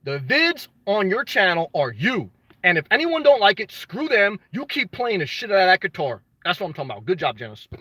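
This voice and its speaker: Animated, bright-voiced man giving motivational pep talk. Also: sits high, brisk, slightly rough, no room sound, low-quality recording. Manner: emphatic, repeats key phrases, calls viewers brother; swears casually. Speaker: livestream host reading viewer comments. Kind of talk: motivational livestream chat.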